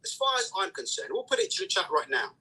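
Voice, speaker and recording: A man's voice: sits high, wildly swooping pitch, fast talker, sharp tone, slightly rough, low-quality recording. A man from England, a guest on a video call, insistently pushing to make his point in a heated online debate.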